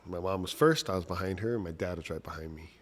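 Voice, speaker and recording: A man's voice: low-pitched, quick pace. A man casually telling a personal story from childhood, talking conversationally with lots of "like" and "right?".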